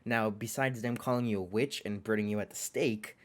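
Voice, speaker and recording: A man's voice: lowish voice, brisk. Chatty young man reviewing anime. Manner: chatty, many filler likes and restarts; excitable, jokey asides. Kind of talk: casual video review.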